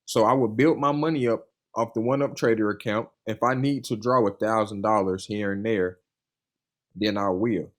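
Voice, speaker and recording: A fairly low, evenly intoned male voice at normal speed belongs to a young adult who works as a funded trader. Interviewed, he talks casually and sincerely, telling stories in a loose way and leaning on "you know" and "man," all with earnest enthusiasm.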